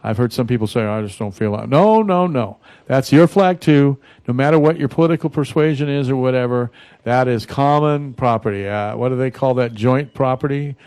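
A man chats on a radio talk show in a folksy, rambling manner, full of fillers and restarts. His voice sits at an ordinary pitch for a man. It sounds dry and close on a studio microphone. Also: normal speed, darkish tone, clear, resonant tone, dry recording.

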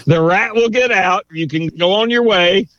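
A man putting on a quirky older client who explains odd things with total calm. The voice rises higher and brighter than ordinary talk. It sounds dry and a bit dull. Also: measured pace, no echo. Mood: deadpan. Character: eccentric older male client, matter-of-fact.

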